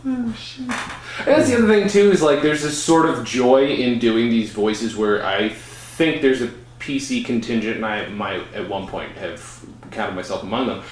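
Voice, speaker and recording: A man's voice: medium pitch, normal speed. A man hosting a podcast, chatting casually and musing aloud, often restarting his sentences. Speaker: podcast host. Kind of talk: casual chat. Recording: echoey room.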